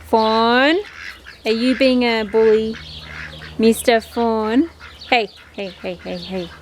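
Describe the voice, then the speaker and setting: A woman's voice: fairly high pitch, steady tone, slow pace, slight background noise. A woman chatting casually to camera about her poultry in a backyard, talking to her birds as she goes. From Australia. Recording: outdoor recording with loud birdsong.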